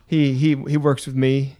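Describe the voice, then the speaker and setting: A man co-hosting a podcast, joking dryly in casual banter and often halting with fillers. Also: medium pitch, mellow. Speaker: podcast co-host.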